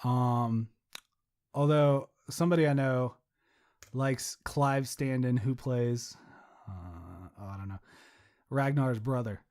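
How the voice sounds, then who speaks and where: A man's voice: medium pitch, slow pace, long pauses, darkish tone. A young adult man co-hosting a podcast, rambling casually, swearing and mocking himself. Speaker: podcast co-host.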